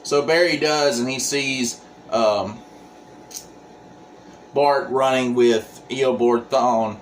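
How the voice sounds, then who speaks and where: A man's voice: mid-range voice, steady tone, slow, a little hiss or hum, low-quality recording. A man casually recapping a comic book plot, full of ums and restarts. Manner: rambling, many ums and restarts.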